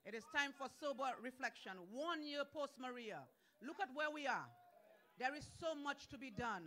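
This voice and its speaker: Male senator, Dominican accent, very high bright voice, shouting rally oratory outdoors. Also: normal speed. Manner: fiery, shouting, repetitive calls. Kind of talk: political rally speech.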